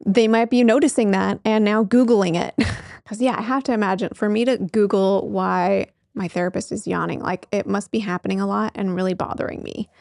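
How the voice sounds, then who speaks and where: A woman's voice: medium pitch, vocal fry, darkish tone, no room sound, clean studio sound. A woman therapist in her thirties talking casually to camera, chatty with frequent laughs and fillers. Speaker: therapist and show host. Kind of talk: casual explanatory talk to camera.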